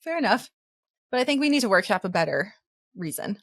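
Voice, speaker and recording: A woman's voice: medium pitch, big pitch swings, brisk, a bit bright, slightly rough, no echo, studio quality. A young woman co-hosting a podcast in casual chat, teasing her friend, laughing and acting out what others said. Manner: teasing, laughs often, acts out quotes. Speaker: podcast co-host.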